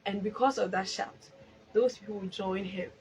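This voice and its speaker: A Ghanaian woman hosting a live stream and sharing a personal faith testimony, moving between loud exclamations and soft prayerful speech, slipping Twi phrases in among her English. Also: mid-range voice, steady tone, moderate pace, a little hiss or hum, rough recording.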